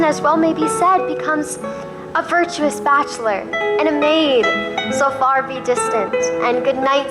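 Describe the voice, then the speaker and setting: A young actress as gentle modest maiden. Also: female voice, high-pitched. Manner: gentle, demure verse. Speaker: student actor. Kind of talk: school stage play.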